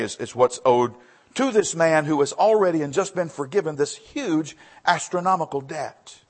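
A man preaching a sermon in a slightly husky voice that sits a bit high for a man. His pitch swings widely as he reads verses and then drives each point home by repeating it. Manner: reads scripture aloud, then explains it with emphatic repetition. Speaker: pastor.

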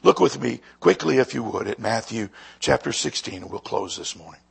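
A man preaching a sermon with a raspy voice, moving between quiet, slow emphasis and loud, lively passages. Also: mid-range voice. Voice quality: husky. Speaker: pastor.

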